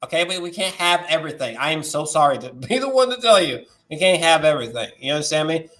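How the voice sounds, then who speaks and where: A man hosting a movie news vlog, ranting with lots of swearing and swinging from shouting to muttering. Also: a little high, animated, fast talker, echoey room, soft background music. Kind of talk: animated solo movie-news rant.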